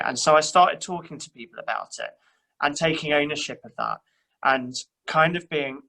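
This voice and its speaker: A man's voice: a little high, moderate pace, gravelly, pushed and bright, rough recording. A young man, a church youth worker, chatting casually and self-deprecatingly, with many fillers and restarts. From England. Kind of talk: casual chat.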